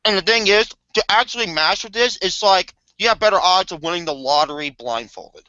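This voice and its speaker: A man co-hosting a casual podcast who is excitable and swears freely. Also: high-pitched, brisk, no room sound. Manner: excitable, swears, acts out quotes. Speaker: podcast co-host. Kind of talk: casual chat. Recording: dull lo-fi dry sound.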